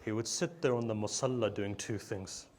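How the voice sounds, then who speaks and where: Emotional low-voiced man preaching. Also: normal speed. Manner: emotional storytelling, swelling loud then dropping low. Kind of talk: majlis sermon.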